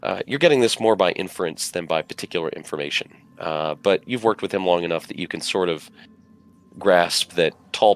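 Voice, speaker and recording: A man's voice: sits low, smooth. A man narrating a tabletop game as game master, rambling along with many fillers and asides.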